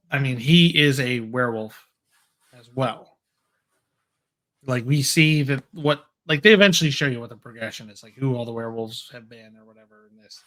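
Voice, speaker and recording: A man with an ordinary mid-range voice hosting a relaxed movie podcast. He talks in an eager, chatty way and laughs often. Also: mid-range voice. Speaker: podcast co-host. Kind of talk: casual movie discussion.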